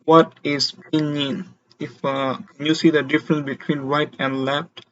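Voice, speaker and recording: A man teaching a beginner Mandarin lesson, explaining slowly and deliberately and having learners repeat syllables after him. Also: on the high side, little pitch movement, a bit bright, highs cut off, a little hiss or hum. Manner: slow, deliberate explanations with demonstrated tones.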